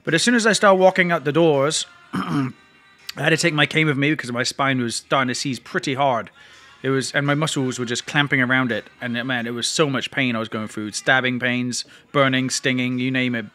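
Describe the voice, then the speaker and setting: Bright-voiced man retelling an ordeal. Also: mid-range voice, steady tone, fairly quick, soft background music. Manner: rambling, emotional retelling with restarts. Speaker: vlogger. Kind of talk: casual storytelling to camera.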